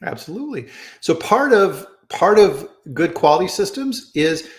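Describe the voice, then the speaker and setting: A man's voice: high-pitched, very animated, moderate pace, roomy sound. A man hosting a casual chat, telling stories and often checking in with "right?". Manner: storytelling, says "right?" often. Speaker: host.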